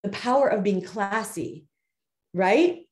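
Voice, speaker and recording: A woman's voice: medium pitch, lively intonation, slow pace, darkish tone. A woman hosting a live figure skating coaching show, giving an emphatic motivational talk that repeats key phrases and speaks straight to her audience. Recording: roomy echo.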